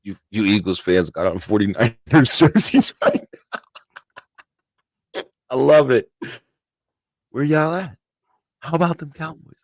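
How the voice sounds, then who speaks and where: A man's voice: medium pitch, measured pace, pauses often, no echo. A man co-hosting a casual sports podcast, gloating and mocking the rival team's fans in loose slang. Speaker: podcast co-host.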